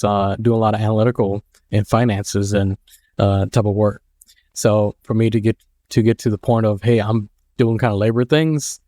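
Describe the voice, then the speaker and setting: A man in his thirties with a dark, low voice gives casual advice, rambling and halting as he goes. The sound is dry and close. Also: no room sound. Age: 30s. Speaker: mail carrier and vlogger.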